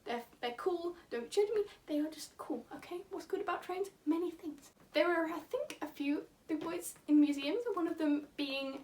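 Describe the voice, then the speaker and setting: High-voiced woman, animated infodumping. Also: moderate pace, few pauses, distant mic. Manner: animated, chatty, laughs as she talks. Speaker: vlogger. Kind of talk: enthusiastic casual infodump.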